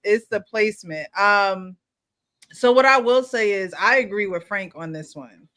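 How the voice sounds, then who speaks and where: A woman with a US East Coast accent speaks on a casual discussion panel. She talks in a mid-range voice and sets out her points in a measured, explanatory way. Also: mid-range voice, expressive, sharp tone.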